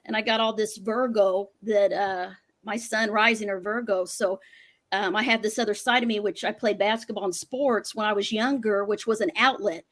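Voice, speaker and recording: A woman's voice: mid-range voice, fairly even intonation, normal speed. A woman astrologer and mother chatting casually on a video call panel, full of "you know" and agreeable asides.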